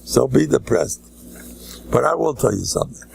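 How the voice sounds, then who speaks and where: Older man, rabbi, american lakewood accent, gravelly, joking, animated lecture. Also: medium pitch, normal speed, background noise. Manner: joking, animated, mixes Yiddish and Hebrew words. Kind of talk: humorous Torah lecture.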